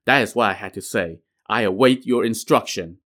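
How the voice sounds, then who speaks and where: A man's voice: lowish voice, moderate pace, a bit bright. A man voicing a young male prince who pleads respectfully but firmly with his master. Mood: pleading.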